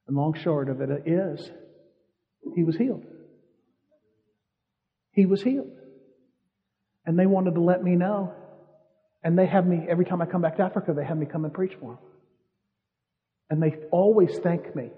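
A man's voice: high-pitched, moderate pace, long pauses. A man preaching a sermon, telling stories and repeating his points for emphasis. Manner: storytelling, emphatic repetition. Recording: muffled hall reverb.

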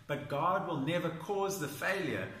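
A man's voice: fairly high pitch, lively intonation, unhurried, fairly bright tone. A man preaching a sermon with emphasis, often checking in with the listeners by asking "okay?". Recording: echoey room.

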